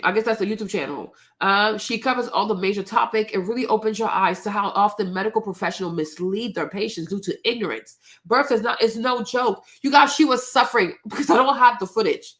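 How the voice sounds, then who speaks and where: A woman's voice: medium pitch, brisk, hardly any pauses, fairly bright tone. A woman hosting her own show, talking straight to her viewers in outspoken, indignant casual commentary. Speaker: host.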